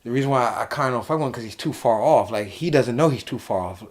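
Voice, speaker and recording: A young man from New Jersey hosting a casual late-night chat, rambling and animated, swearing freely. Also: mid-range voice, quick pace. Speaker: host.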